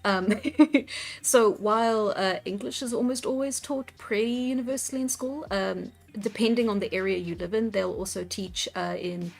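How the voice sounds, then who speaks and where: A woman's voice: mid-range voice, fairly even intonation, normal speed, vocal fry. Chatty South African woman streamer. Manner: chatty, laughs often, many fillers. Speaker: livestream host. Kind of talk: casual chat, reading out chat comments. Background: faint background music.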